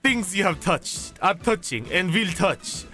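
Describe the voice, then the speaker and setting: A man reading the lines of a polite, glitchy robotic vault management system in a formal, measured way. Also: sits high, expressive, pushed and bright, faint music behind, heavily acted.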